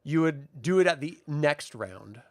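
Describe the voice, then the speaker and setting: A man with a fairly high voice runs a tabletop game as game master. He explains rules patiently and laughs easily. His voice sounds dry and close, with no room around it. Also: animated, measured pace, darkish tone, no room sound.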